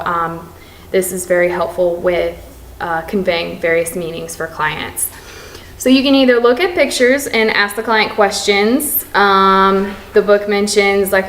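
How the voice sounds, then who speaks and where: A young woman, a speech therapy student clinician, explains and models exercises in a recorded teaching demonstration, often pausing with "um". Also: mid-range voice, a bit bright. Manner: explanatory, with frequent um fillers. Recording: roomy echo.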